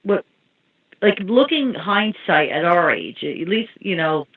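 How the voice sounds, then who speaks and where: A woman's voice: lowish voice, lively intonation, slow pace, breathy edge. A woman telling rambling anecdotes in casual chat. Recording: tinny phone-like line.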